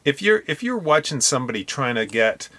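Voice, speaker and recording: A man with a Northern Irish accent, co-hosting a relaxed podcast. His voice sits at an ordinary middle pitch, and he talks in an animated, emphatic way. The tone stays that of a casual chat between friends. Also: a little fast. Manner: animated, emphatic, talks through camera specs. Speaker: podcast co-host.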